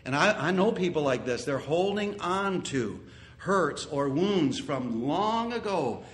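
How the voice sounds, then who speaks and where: A man preaching a sermon as pastor, earnest, repeating key phrases and sometimes rising to loud exclamations. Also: on the high side, animated, takes it slowly.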